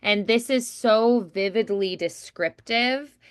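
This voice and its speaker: A woman's voice: fairly high pitch, slow pace, smooth, no echo, clean studio sound. A woman coaching a voiceover student in an encouraging, chatty way with many fillers. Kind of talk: coaching feedback, conversational.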